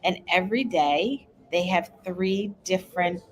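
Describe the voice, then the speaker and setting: A middle-aged woman on a casual livestream, thanking viewers by name and wandering through little details of her day. Her voice sits a bit low for a woman. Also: measured pace, low-quality recording. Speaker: cohost of a cruise travel livestream. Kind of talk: casual live chat reading viewer comments.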